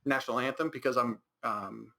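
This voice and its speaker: A man's voice: medium pitch, fairly even intonation, brisk, creaky, sharp tone. A man with an American accent co-hosting a casual podcast, rambling with many fillers and restarts. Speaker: podcast co-host. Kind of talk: casual chat.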